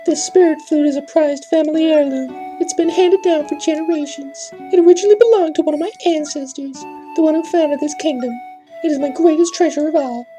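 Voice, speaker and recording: A man doing a young ghost princess in a soaring, airy falsetto that pleads earnestly for help. The voice sits far above his own dark, mellow tone, with faint music behind it. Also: normal speed. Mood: earnest pleading.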